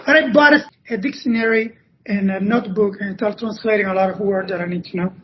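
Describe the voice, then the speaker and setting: Man, Cuban Spanish accent, halting storyteller, restarts phrases, dull lo-fi audio. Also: high voice, slight background noise. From Cuba. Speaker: podcast guest, former ballet dancer. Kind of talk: conversational interview storytelling.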